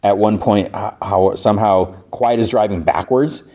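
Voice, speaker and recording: A man hosting a podcast, casually recapping an episode in a loose, rapid way, quoting characters as he goes. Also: lowish voice, dark tone. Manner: rapid retelling with "he's like" quotes, loose restarts. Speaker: podcast host.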